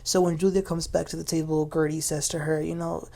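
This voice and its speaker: A woman's voice: deep voice, level tone, a little fast, vocal fry, dark tone. A woman hosting a casual, opinionated reality TV recap, talking chattily with many fillers. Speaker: TV recap host.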